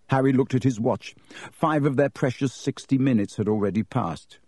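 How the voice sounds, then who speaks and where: A man narrating a storybook audiobook in an even, measured reading. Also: mid-range voice, husky, dry recording, studio quality.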